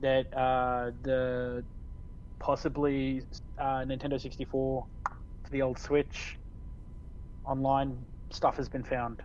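An easygoing Australian man chats on a gaming podcast, drifting through his thoughts with plenty of fillers. His voice comes through a little dull. A faint rumble runs in the background. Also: little pitch movement, slow pace, pauses often, a little mellow. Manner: laid-back and meandering, with many fillers. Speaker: podcast co-host. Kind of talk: casual chat.

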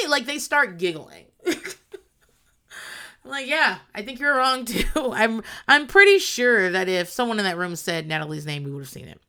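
Woman host, loud and animated, casual chat, swears and laughs, bright and lively delivery. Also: mid-range voice, a little slow. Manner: animated, swears freely, acts out quotes, laughs often. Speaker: podcast host recapping a reality show.

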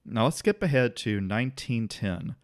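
With a medium-pitched voice and moderate pace, a podcast co-host tells a history story in a laid-back manner, sometimes restarting and occasionally laughing. The sound is clean studio audio without any room ambience.

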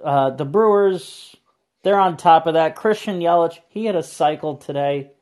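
A man's voice: on the high side, moderate pace, darkish tone. A man co-hosting a podcast who steers a casual sports conversation and talks through his points. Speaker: podcast co-host.

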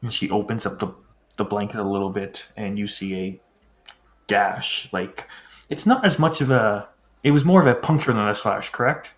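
A man's voice: lowish voice, normal speed. Man narrating as game master. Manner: descriptive, loose, with many fillers.

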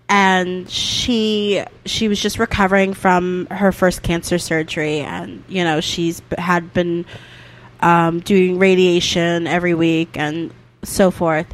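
Young woman, podcast co-host, casual chat, animated storyteller, laughs a lot. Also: lowish voice.

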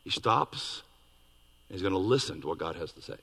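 A man preaching a sermon as pastor, animated and acting out quoted dialogue with big swings in his voice. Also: low voice, fairly quick, gravelly, slightly rough. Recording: long reverb of a hall.

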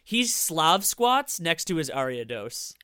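Man, bright clear voice, casual podcast chat, enthusiastic, dry sound. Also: on the high side, very animated, dry recording. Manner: fast, enthusiastic, swears casually.

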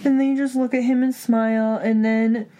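A woman co-hosting a podcast, recapping a book in casual chat, retelling scenes with quick quoted voices and laughing often. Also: a little high, flat delivery, mellow, slight background noise. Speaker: podcast co-host.

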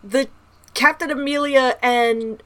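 Eager woman, slightly high voice. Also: steady tone. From American South. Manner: enthusiastic, rapid bursts trailing off quietly. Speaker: podcast co-host. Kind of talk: casual book discussion.

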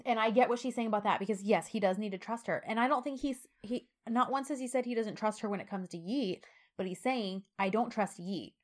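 A woman's voice: medium pitch, brisk. A woman co-hosting a casual podcast who recaps a TV episode in a chatty way, quoting the characters as she goes. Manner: chatty, retells scenes by quoting lines. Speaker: podcast co-host.

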